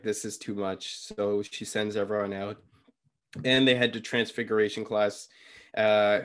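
A young man co-hosting a podcast, casually retelling a book chapter with lots of fillers and quick quoted lines. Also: lowish voice. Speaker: podcast co-host.

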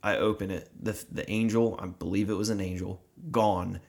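A young man co-hosting a faith podcast, telling a personal story in an earnest, animated way. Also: low-pitched, normal speed, vocal fry. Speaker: podcast co-host. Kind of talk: casual conversation, storytelling.

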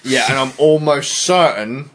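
A man's voice: mid-range voice, unhurried. Sarcastic man, faint background hiss. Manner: sarcastic, swearing, mocking. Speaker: podcast co-host. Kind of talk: casual chat.

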